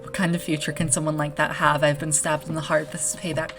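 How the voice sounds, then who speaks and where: A woman's voice: deep voice, brisk, hardly any pauses, fairly bright tone, faint music behind. A woman game developer giving casual let's-play commentary, chatty and self-deprecating.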